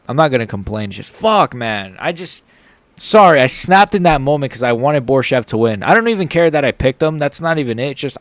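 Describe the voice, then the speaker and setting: With a medium-pitched voice and dry recording, a young streamer gives rambling, excitable commentary on a fight as it happens. He swears freely and jumps from mumbles to shouts.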